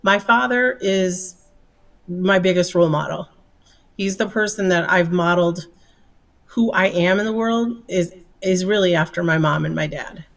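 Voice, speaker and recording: A woman's voice: lowish voice, measured pace, recorded from a distance. Earnest woman, a bit off-mic. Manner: earnest, candid, laughs easily. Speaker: guest. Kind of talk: storytelling in a podcast interview.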